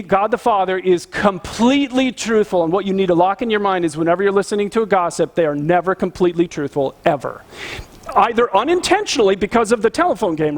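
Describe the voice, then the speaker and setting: A middle-aged man, a pastor, preaching a sermon and telling a personal story in an animated, earnest way. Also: high voice.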